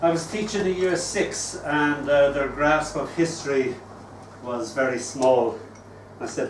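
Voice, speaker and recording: A man in his sixties hosting an open mic and reading his poems with wistful, gentle humour. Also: medium pitch, a little slow, slight background noise. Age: 60s. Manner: wistful, gently humorous storytelling. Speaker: poet and open mic host. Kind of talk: live poetry reading. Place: live open mic venue. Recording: roomy room, distant mic, faint ambience.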